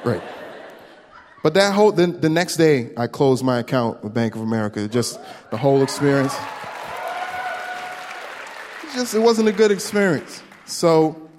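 A man doing a stand-up comedy set, telling a story with lively put-on voices. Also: a little high, moderate pace, pauses often, a faint crowd. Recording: live room with long reverb and faint noise.

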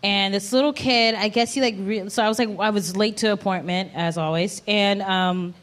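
明るい声の女性、ぶっきらぼうに笑いながら話す. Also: female voice, medium pitch, steady tone, moderate pace, a bit bright. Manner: blunt, laughing, swearing. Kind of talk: casual chat.

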